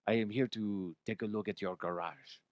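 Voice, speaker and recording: A man putting on a quiet, formal repairman. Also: steady tone, no echo, lightly acted. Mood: deadpan polite. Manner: low, quiet, slow and formal. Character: calm accented repairman, polite and menacing.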